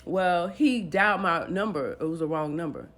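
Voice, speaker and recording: A woman voicing a soft-spoken young woman, the other girlfriend, speaking quietly and wistfully. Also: on the low side, moderate pace, voice pushed down, natural voice.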